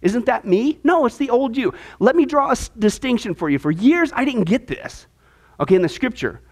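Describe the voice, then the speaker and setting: Emphatic male Bible teacher, very high pitch, lively. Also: a little fast. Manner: emphatic, keeps checking with "okay?". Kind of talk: teaching a discipleship class.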